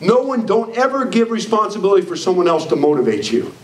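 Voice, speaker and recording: A man's voice: sits high, big pitch swings, fast talker. Emphatic older man speaking in an echoey hall. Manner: emphatic, preachy, acts out quoted voices. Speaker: motivational speaker. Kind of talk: live leadership training talk. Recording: echoey hall, far from mic, faint noise.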